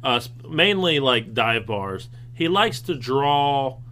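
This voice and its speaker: A young man with a bright, forceful voice chats crudely with his co-host. He keeps agreeing with strings of quick yeahs and wanders into long anecdotes. His pitch stays in an ordinary middle range. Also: sing-song, rough recording. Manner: agreeable, backs the other up with repeated yeahs, rambling anecdotes. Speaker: podcast co-host. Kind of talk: crude casual chat.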